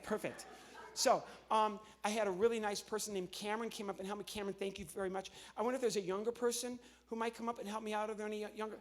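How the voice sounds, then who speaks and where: A man's voice: high voice, fairly bright tone, a little hiss or hum. A man from New Jersey, a ventriloquist and comedian, cheerfully coaching volunteers on a church stage. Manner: upbeat, coaxing, gives quick instructions to volunteers. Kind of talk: live comedy stage show. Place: church stage before an audience.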